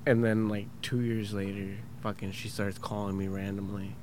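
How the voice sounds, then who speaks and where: A man's voice: on the low side, little pitch movement, normal speed, a little mellow, slight background noise. A man in his thirties hosting a podcast, telling a rambling, profanity-laced story and acting out the people in it. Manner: profane, rambling, acts out quoted voices. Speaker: podcast host. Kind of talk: casual storytelling.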